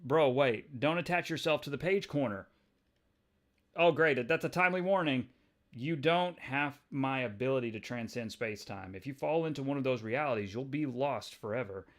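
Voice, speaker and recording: A man's voice: medium pitch, lively intonation, moderate pace, natural voice. A man voicing a wisecracking young male spider-hero who talks with sarcastic quips. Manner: sarcastic, quippy.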